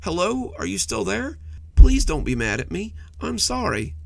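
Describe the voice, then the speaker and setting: A man's voice: on the high side, big pitch swings, moderate pace, gravelly, full character voice. A man voicing a frightened little monster hiding under a child's bed, stammering and pleading.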